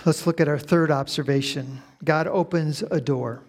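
A man preaching from the pulpit, his voice sitting a little high. He teaches in a measured way and then builds to loud, rising emphasis. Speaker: pastor. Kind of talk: sermon.

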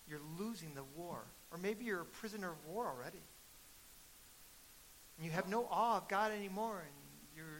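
A middle-aged man preaching a sermon as pastor, telling stories and building to loud, emphatic peaks. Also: high-pitched, a little hiss or hum, low-quality recording.

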